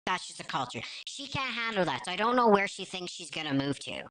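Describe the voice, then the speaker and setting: A woman's voice: lowish voice, sing-song, brisk, fairly bright tone, poor audio. A woman giving blunt, scornful commentary while reacting to clips.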